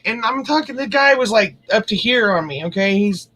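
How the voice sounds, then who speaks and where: A woman's voice: mid-range voice, a little fast, sharp tone, rough recording. A woman rambling through a story in casual chat, laughing often as she goes, with a drink in hand.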